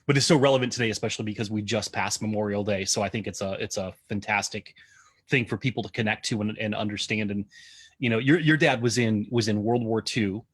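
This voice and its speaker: Relaxed, easygoing male host. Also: lowish voice, husky, no echo, clean studio sound. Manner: relaxed, halting, lots of fillers and shout-outs. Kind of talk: casual livestream interview.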